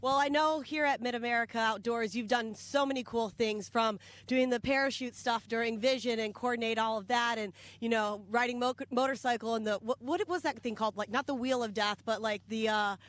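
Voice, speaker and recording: A woman's voice: a little high, steady tone, a little fast, few pauses. A woman interviewing a racer outdoors at an off-road event, effusive and friendly, sometimes fumbling for words. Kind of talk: casual trackside interview. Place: outdoors at an off-road race park.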